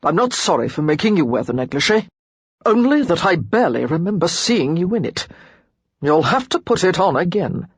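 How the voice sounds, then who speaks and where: A woman doing a gruff brooding nobleman. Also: very animated, no room sound. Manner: low, quiet and halting, sometimes near a whisper. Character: brooding aristocratic man, gruff and remorseful.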